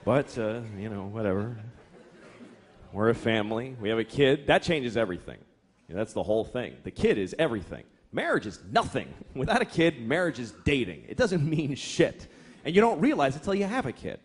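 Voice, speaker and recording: A man in his thirties performing a stand-up comedy set, ranting in a profane, exasperated way with sudden loud bursts. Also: medium pitch, very animated, a little fast, husky. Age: 30s. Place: comedy stage before a live audience. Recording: live show with loud crowd laughter. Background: audience laughter.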